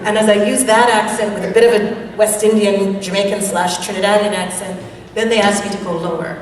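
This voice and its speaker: A woman voice actor shares a panel anecdote and demonstrates the voice she found as she tells it. Her mid-pitched voice comes from well off the mic. A large echoing hall and a crowd surround her. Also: fairly even intonation, fairly quick. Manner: demonstrative, acts out how a voice was found. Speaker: guest voice actor on a convention panel. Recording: echoey convention hall, distant mic, crowd.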